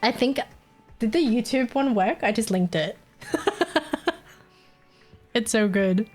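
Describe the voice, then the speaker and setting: Giggly Australian woman streamer, slow-talking. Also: on the high side, darkish tone, soft background music. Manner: giggly, laughs constantly, swears freely. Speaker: livestreamer. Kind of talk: casual live-stream chat.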